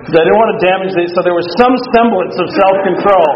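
A middle-aged man preaching a sermon, telling candid, self-mocking stories from his own life. His voice sits a little high for a man, and it rings through a large hall from a distance. The sound is somewhat dull. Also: fast. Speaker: pastor. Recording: echoey hall from far off, dull.

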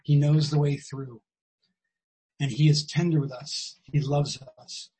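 A man's voice: fairly high pitch, steady tone, a little slow, mellow, rough recording. A man preaching a sermon in a conversational, emphatic way, repeating his key phrases.

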